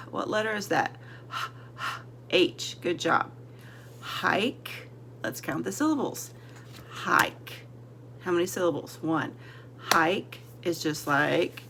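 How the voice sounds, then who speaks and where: A woman teacher giving a slow, deliberate vocabulary lesson to young children, sounding out words letter by letter and sometimes dropping to a whisper. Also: on the low side, sing-song, vocal fry, a bit bright, slight background noise.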